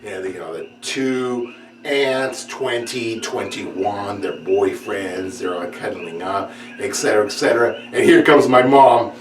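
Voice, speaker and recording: A man doing stand-up comedy, telling a story, laughing as he goes and putting on high voices. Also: unhurried. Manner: laughs through his own story, acts out characters in high voices. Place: stage with audience. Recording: roomy, distant mic, noisy.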